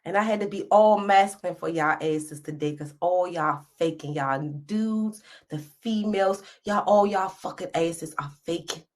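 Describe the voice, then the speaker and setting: A woman hosting a podcast, ranting at her listeners in a blunt, profane, scolding way, swinging between loud outbursts and hushed asides. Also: lowish voice, a little slow, hardly any pauses. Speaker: podcast host. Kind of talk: unscripted rant to listeners.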